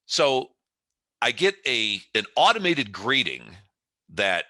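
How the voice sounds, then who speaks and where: A company CEO in his fifties, appearing as an interview guest, tells a story and acts out the scene as he goes, animated throughout. His voice is medium-pitched and he takes his time. The recording is dry.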